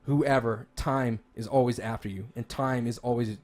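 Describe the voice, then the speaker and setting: At normal speed and with a steady, medium-pitched tone, a man co-hosts a podcast. He chats enthusiastically and casually about games and movies, rambling through many restarts and fillers.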